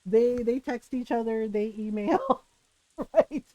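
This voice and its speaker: A woman streamer casually telling a personal story, animated, laughing often and swearing freely. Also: fairly high pitch, takes it slowly, dry recording. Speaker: live streamer.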